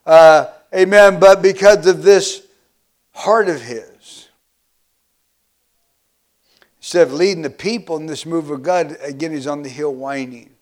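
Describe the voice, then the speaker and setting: A man preaching a sermon as pastor, filling pauses with "uh" and calling for amens. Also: a little high. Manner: preaching with frequent "uh" fillers, asking for amens.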